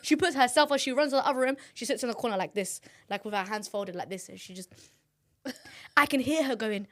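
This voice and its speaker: A woman's voice: fairly high pitch, fast. A young woman, co-hosting a casual chat about parenting and acting out her child's words as she tells stories. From United Kingdom. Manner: animated storyteller, acts out her daughter's lines. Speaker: podcast co-host.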